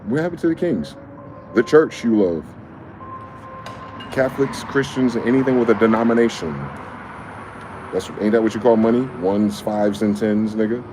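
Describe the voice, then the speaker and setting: A man's voice: lowish voice, moderate pace, long pauses, noisy background. A man vlogging in a heated monologue, reading a document aloud and breaking off into angry, profane rhetorical questions.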